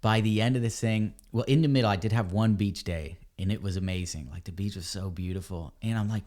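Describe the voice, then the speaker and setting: Guy telling a wild story on a podcast, kinda low voice, says dude a lot. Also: fairly quick, hardly any pauses. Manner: animated, swears casually, says "dude" and "man". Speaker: podcast guest, ebike company cofounder. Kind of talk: casual storytelling.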